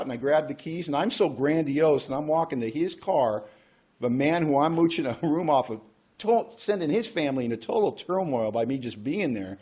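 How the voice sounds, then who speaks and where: A man's voice: on the high side, lively intonation, a little fast, darkish tone, breathy edge. A man telling his own recovery story to a group, wry and self-mocking, acting out the voices of people he quotes. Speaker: recovery workshop speaker.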